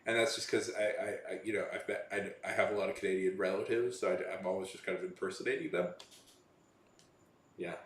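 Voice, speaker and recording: A man's voice: sits low, steady tone, fast talker, fairly bright tone, a little hiss or hum. A man chatting casually to his viewers, rambling and often restarting his sentences. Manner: meandering, many false starts and self-corrections. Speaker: vlogger. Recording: echoey room.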